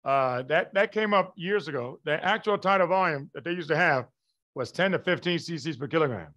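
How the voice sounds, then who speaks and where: Lively man lecturing a class. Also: fairly high pitch, fairly quick. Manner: lively, emphatic, asks the class questions. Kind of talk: live online lecture.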